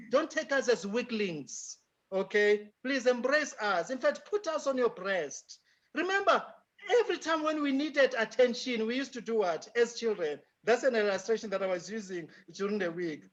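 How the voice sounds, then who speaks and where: A man's voice: very high voice, fairly bright tone, lo-fi sound. A South African man giving an emphatic lecture answer, mixing in Zulu phrases as he speaks. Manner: emphatic, mixes in Zulu phrases, laughs often. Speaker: guest speaker.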